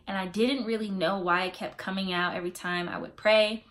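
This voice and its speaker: A young adult woman vlogging in a casual, expressive way, giving faith-based encouragement with preacher-like emphasis. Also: mid-range voice, fairly quick. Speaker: YouTube vlogger.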